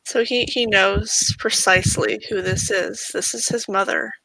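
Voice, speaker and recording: A game master narrating a tabletop role-playing game in a calm telling, with small stumbles and repeated words. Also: medium pitch, unhurried, vocal fry, no echo, rough recording.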